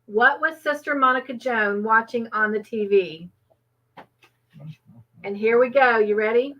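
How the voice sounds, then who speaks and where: A woman's voice: on the high side, measured pace, pushed and bright. Chatty woman hosting a trivia stream. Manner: chatty, laughs often, reads chat names aloud. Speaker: host of a live trivia stream. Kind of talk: casual live-stream chat. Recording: dull lo-fi stream audio.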